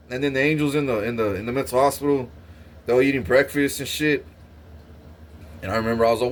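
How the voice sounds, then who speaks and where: A man's voice: medium pitch, fairly even intonation, quick pace, long pauses. A young man telling a long rambling story to his stream, swearing constantly, laughing and restarting his sentences. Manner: profane, rambling, laughs often, stammers and restarts. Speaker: livestreamer.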